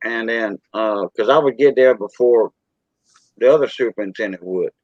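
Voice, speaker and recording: A man's voice: lowish voice, normal speed, no echo, muffled recording. A man with a South Louisiana Cajun accent hosting a casual live stream chat, rambling along with plenty of "you know" fillers. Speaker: stream host.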